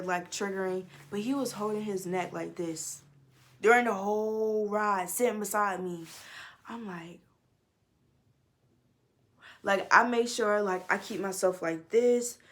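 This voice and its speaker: A young adult woman telling a storytime on her vlog, animated and profane, swinging between loud outbursts and low mutters. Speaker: vlogger. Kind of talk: casual storytime.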